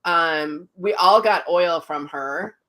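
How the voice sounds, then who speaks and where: A woman hosting a casual chat, vividly retelling a story and acting out the voices in it. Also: slow. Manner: animated retelling, acts out quotes with big pitch jumps. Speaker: host, psychic medium.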